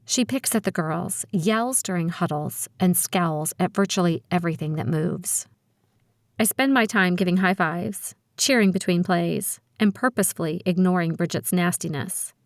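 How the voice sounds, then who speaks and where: Woman reading a teen thriller audiobook, first person, lowish voice, dry close sound. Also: normal speed, no room sound. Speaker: audiobook narrator. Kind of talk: first-person scripted narration.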